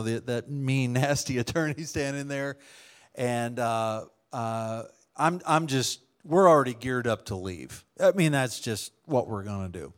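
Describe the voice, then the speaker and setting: A man preaching as a pastor, telling a testimony story to his congregation, acting out the people he quotes. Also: mid-range voice. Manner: storytelling, animated, acts out quoted dialogue with laughs. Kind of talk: sermon testimony.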